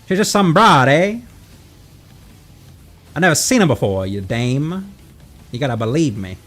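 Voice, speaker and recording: A man's voice: on the high side, sing-song, measured pace, fairly bright tone, pitched above the performer's own voice, heavily acted. A man doing a tough-talking 1920s city gangster, brash and full of old slang. The voice leaps up and down, and faint music plays in the background.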